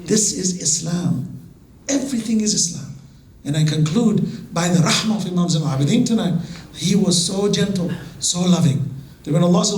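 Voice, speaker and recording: A man giving an impassioned sermon as a religious lecturer, reciting Arabic verses between English and dropping to soft, drawn-out emphasis. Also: high voice, lively intonation. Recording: echoey hall.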